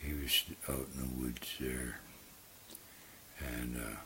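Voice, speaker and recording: Older guy, super deep voice, slow and halting, lots of uh and you know, faint hiss. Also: little pitch movement. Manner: slow, halting, soft-spoken with many fillers. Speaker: storyteller. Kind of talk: casual folksy storytelling.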